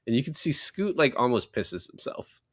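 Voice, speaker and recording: A young man talks through a movie plot on a casual podcast. He curses often and slips into quick impressions of the characters as he retells each scene. His voice sits at an ordinary middle pitch. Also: no echo, studio quality. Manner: animated retelling, swears a lot, acts out lines. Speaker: podcast co-host. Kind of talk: casual movie recap chat.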